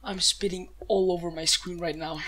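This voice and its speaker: A woman hosting a gaming channel, giving excited case-opening commentary, gasping, exclaiming and swearing freely. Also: on the low side.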